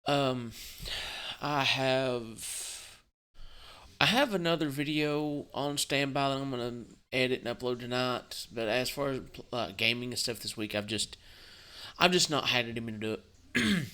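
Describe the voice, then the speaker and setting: A gaming channel host talks in a casual vlog, his medium-pitched voice bright and clear but subdued and tired. He's halting and rambling, restarting frequently and swearing.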